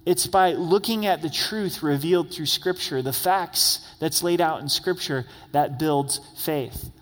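Pastor, male, slightly high voice, earnest conversational preaching, long hall reverb. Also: unhurried. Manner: earnest, conversational, rising to emphatic questions. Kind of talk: expository sermon.

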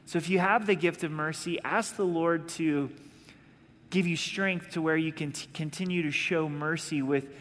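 A man's voice: on the high side, steady tone, normal speed, a bit bright, slight background noise. A male pastor preaching a sermon in a casual, conversational way, acting out little asides. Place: church sanctuary. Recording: long reverb of a large hall.

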